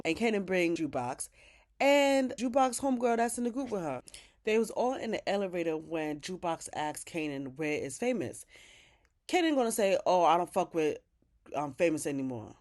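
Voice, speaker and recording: A woman's voice: medium pitch, a little mellow. A woman giving a casual, chatty episode recap, retelling scenes with quoted dialogue, slang and opinionated asides. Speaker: TV recap host.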